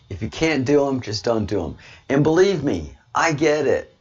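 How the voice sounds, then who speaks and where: A man's voice: lowish voice, big pitch swings, brisk, husky, highs cut off. A man with a Southern American accent talking in a rambling casual monologue, often restarting and calling his listeners brother. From Southern United States. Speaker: online commentary host.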